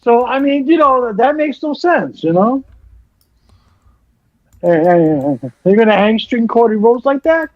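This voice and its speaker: Fired-up guy with a high voice, cussing and recapping, kinda muffled dry audio. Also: unhurried, long pauses, no echo. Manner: excitable, swears, retells scenes. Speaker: co-host. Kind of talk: casual wrestling chat.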